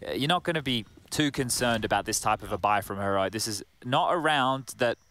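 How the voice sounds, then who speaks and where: Male color commentator, middle pitch, relaxed analytical chat, slight hiss. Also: a little fast. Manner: chatty, uses fillers like "right?" and "you know".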